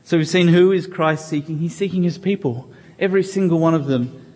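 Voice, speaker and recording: A man's voice: a little high, brisk, a little mellow. A man preaching a sermon in church, reading scripture aloud and pleading earnestly with the congregation. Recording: long hall reverb.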